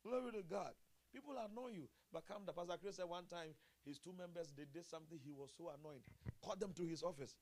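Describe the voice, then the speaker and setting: Here the pastor talks fast with a fairly high pitch, chuckling regularly as he preaches. His sermon at the church service swings between quiet murmuring and booming exclamations.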